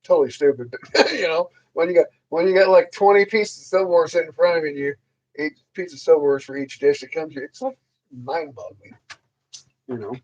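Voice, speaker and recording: Rambling high-voiced man hosting a livestream. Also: a little fast, a little mellow, highs cut off. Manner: rambling, crude and joking. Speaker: livestream host. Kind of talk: casual livestream chat answering viewers.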